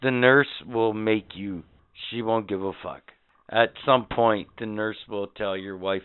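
A middle-aged man cohosting a casual podcast, giving blunt, profane fatherly advice that swings between muttered asides and loud outbursts. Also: fairly low pitch, fairly even intonation, unhurried, clean tone, no echo. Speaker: podcast co-host. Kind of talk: casual crude banter. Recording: tinny phone-like lo-fi audio.

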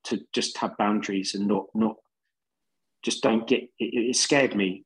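A man's voice: fairly low pitch, steady tone, unhurried, husky, poor audio. A man with a London accent, a band singer on a podcast, rambling through laid-back anecdotes with lots of fillers. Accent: London English. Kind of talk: casual storytelling.

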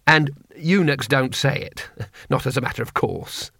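A man's voice: mid-range voice, measured pace, vocal fry, a bit bright, husky, no echo, studio quality, full character voice. A man voicing a nervous, pedantic schoolteacher who hesitates and keeps correcting others.

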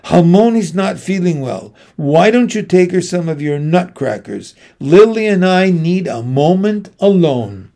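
A man's voice: sits high, lively intonation, a little slow, creaky, few pauses, dark tone, pitched above the performer's own voice, heavily acted. A man reading an audiobook, voicing a worried and stern mother with tense, scolding questions. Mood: upset. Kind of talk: audiobook character voice.

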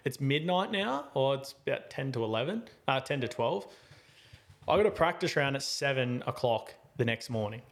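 A man hosting a podcast, telling a story in a casual, animated way and acting out his own lines. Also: mid-range voice, normal speed, a little hiss or hum. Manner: animated, acts out his own quotes loudly. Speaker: podcast host.

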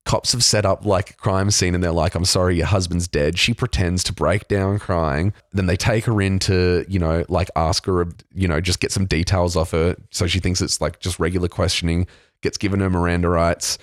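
A man's voice: sits low, steady tone, moderate pace, dry recording, clean studio sound. A man chatting casually, telling a story loosely with lots of swearing and fillers. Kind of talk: casual chat.

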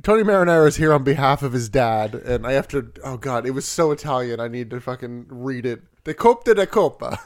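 A man's voice: medium pitch, fairly quick, few pauses. Casual swearing man recapping from notes. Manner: swears freely, laughs often, reads from notes. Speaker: podcast co-host. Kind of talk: casual wrestling recap chat.

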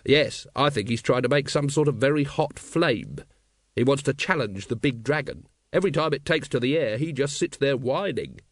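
A man voicing a gruff, aristocratic woman who breeds dragons, hearty and awkward in manner, in an audiobook reading. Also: mid-range voice, animated, normal speed, dry recording, clean studio sound.

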